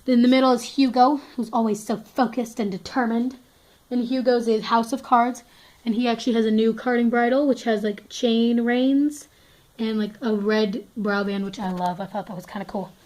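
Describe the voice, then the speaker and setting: A woman's voice: fairly high pitch, steady tone, moderate pace, darkish tone. Young woman, casual tour narration, chatty and rambling with lots of fillers and restarts. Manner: chatty, rambling, many fillers and self-corrections. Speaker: toy horse collector giving a barn tour.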